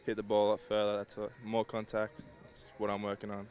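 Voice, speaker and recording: Young Australian man, low and flat, laid-back, faint music behind. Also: brisk. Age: young adult. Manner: laid-back, short answers.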